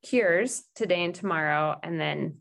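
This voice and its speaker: A woman's voice: fairly low pitch, measured pace, gravelly, a bit bright. A woman in her thirties co-hosting a casual Bible discussion, speaking in a thoughtful, reflective way and laughing easily. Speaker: co-host of a scripture discussion.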